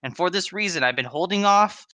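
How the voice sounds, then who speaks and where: A young man co-hosts a podcast with playful, mock-stern banter. His voice is bright and tense and swings widely in pitch. The sound is dry and close, with no room in it. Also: lively intonation, a little fast, no room sound. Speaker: podcast co-host and channel owner.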